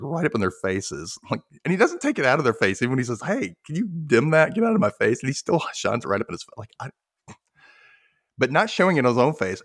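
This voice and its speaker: A man's voice: mid-range voice, a bit bright, dry recording, clean studio sound. A man hosting a podcast, chatting casually as he recaps a TV episode and acts out characters' lines with lots of laughs. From Memphis. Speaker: podcast host.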